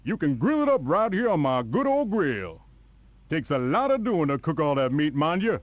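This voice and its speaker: Brief: a sinister game steakhouse host; high, bouncy drawl; dry studio sound. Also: male voice, sing-song, moderate pace, no room sound. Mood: menacing welcome. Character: folksy, creepy male steakhouse owner in a horror game.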